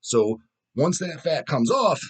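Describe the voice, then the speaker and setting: A man's voice: fairly high pitch, sing-song, takes it slowly, breathy edge. A man in his thirties hosting his own channel, reading viewer comments and answering in a blunt, profane, casual rant with frequent laughs. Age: 30s.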